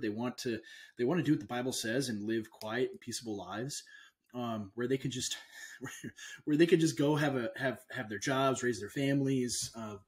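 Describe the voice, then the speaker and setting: Guy pastor on a podcast, halting, keeps restarting his sentences, middle-pitched voice. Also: a little mellow. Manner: halting, trails off and restarts often. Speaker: pastor and author, guest. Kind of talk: casual conversation.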